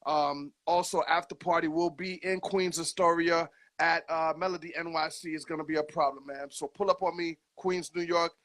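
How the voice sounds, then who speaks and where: A man's voice: a little high, fairly even intonation, normal speed, few pauses, fairly bright tone. A man hosting a radio show, chatting casually with a guest in hyped, slangy talk and laughing often. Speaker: radio DJ host. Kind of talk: casual radio interview chat.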